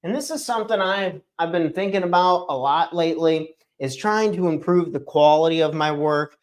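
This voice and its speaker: A man's voice: on the high side, moderate pace. A man hosting a daily morning livestream, talking casually and earnestly, often restarting and correcting himself. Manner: rambling, self-correcting, earnest. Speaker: host of a daily morning show. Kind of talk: casual solo livestream talk. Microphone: streaming setup microphone.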